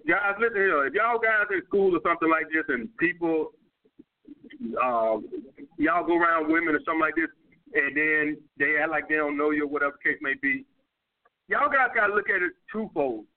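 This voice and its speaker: A high-voiced dating coach with a New York accent answers viewer questions, handing out blunt, profane advice in casual street slang. The audio sounds tinny, like it's coming through a phone.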